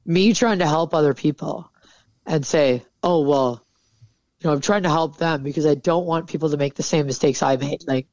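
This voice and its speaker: A woman's voice: low voice, normal speed, a little mellow, dry recording. A woman military veteran talking candidly in an interview, casual and frank, swearing freely. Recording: dull, dry sound.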